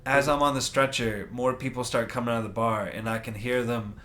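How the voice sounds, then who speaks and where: A man's voice: mid-range voice, steady tone, brisk, pushed and bright. Brief: male podcast co-host, casual storyteller, swears freely, mid-range voice, slight background hiss. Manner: profane, acts out other people's lines.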